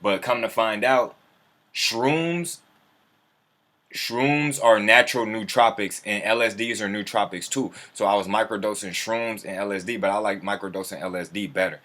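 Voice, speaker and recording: A man hosting a loose, unscripted livestream, talking in a somewhat low voice. He rambles in profane slang and reacts to viewer comments as they scroll by. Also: fairly even intonation, a little fast, few pauses, a bit bright. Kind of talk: casual livestream chat.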